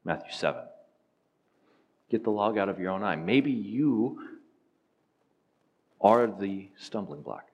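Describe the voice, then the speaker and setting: A man's voice: deep voice, slight background noise. A man preaching a sermon, teaching in an earnest, emphatic way and asking rhetorical questions.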